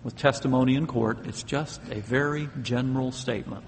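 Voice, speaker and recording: A man's voice: mid-range voice, fairly even intonation, brisk, vocal fry, big-room sound, slight background noise. A man preaching a sermon, earnest and emphatic, stressing key words and now and then laughing.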